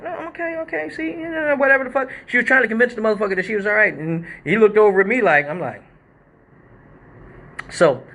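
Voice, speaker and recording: A man hosting a live show, telling a story in a casual, animated, profane way and acting out quotes and sound effects. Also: high voice.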